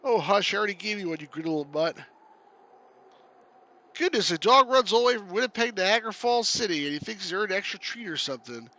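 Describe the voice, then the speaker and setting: A man voicing a brash, boisterous Canadian cop in a video game, with an exaggerated Canadian accent and a loud, hammy delivery. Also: high-pitched, expressive, fast talker, lo-fi sound, voice pushed up. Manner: loud, hammy, ends lines with "eh".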